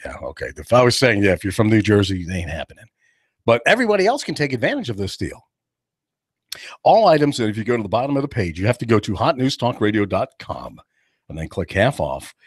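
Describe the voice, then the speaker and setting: A man's voice: on the low side, fast talker, breathy edge, no echo. A man hosting a talk radio show, chatting casually and jokingly in a studio. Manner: animated, jokey, acts out other people's voices. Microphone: studio microphone.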